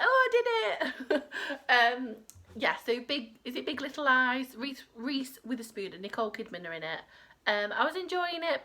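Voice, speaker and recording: A woman's voice: on the high side, pushed and bright. A woman hosting a crochet podcast from home, rambling in casual chat with lots of fillers. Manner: rambling, chatty, with many fillers.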